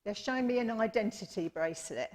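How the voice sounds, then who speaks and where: Fast and expressive, a woman medium with a fairly high, slightly mellow voice gives readings at a church service. During the live demonstration she chats warmly, often apologising and addressing people as "my lovely."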